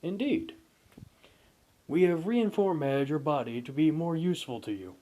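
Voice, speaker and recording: A man's voice: on the high side, expressive, unhurried, mellow, voice pushed up. A man voicing a glowing energy orb that hands out quests and speaks in a formal, announcing way.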